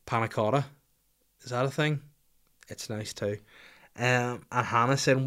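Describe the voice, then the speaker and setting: A man's voice: medium pitch, lively intonation, moderate pace, pauses often, a bit bright. A man talks casually on his podcast, answering listener questions. He rambles, swears freely and jokes as he goes. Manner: profane, rambling, jokey. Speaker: podcast host.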